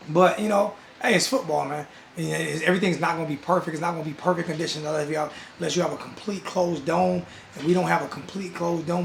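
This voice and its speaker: A middle-aged man with a high, gravelly voice rants casually as a fan, teasing and laughing as he goes. He keeps ending his phrases with "man." He is recorded in an echoey room with a faint hiss of noise behind him. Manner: animated, teasing, laughing often; repeats "man" at ends of phrases. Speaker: fan commentator. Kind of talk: casual fan vlog rant.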